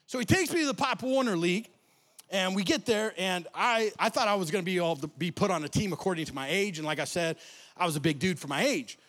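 A man giving a comic motivational talk, telling stories with animated, slangy delivery. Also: high voice, fast. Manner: animated storytelling, casual slang. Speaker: motivational speaker. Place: festival stage.

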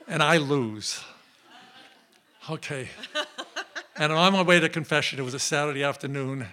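A man telling a comic personal story on stage before a live audience, in a playful, animated way. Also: on the high side.

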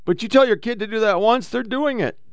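A man's voice: sits high, fairly quick, no room sound. A middle-aged man hosting a casual, profane commentary show, bluntly lecturing about the clips he plays. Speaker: podcast host reacting to clips.

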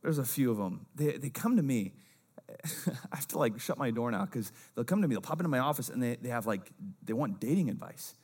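A man, a young-adult pastor, preaching a casual sermon, dropping low and quiet for asides and rising loud for emphasis. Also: expressive, fairly quick, husky.

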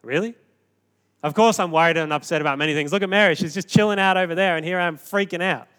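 A man's voice: a little high, moderate pace, pushed and bright. A man preacher voicing a frazzled, exasperated woman who complains that her sister leaves her all the work. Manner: pleading, indignant, raised voice.

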